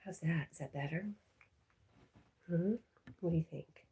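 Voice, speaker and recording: Low mellow lady on a night stream, whispery and a bit wheezy, chatting to her dog. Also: a little slow, a little hiss or hum. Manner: soft, often whispering, talks to her dog. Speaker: livestream host reading chat. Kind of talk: late-night livestream chat with her dog.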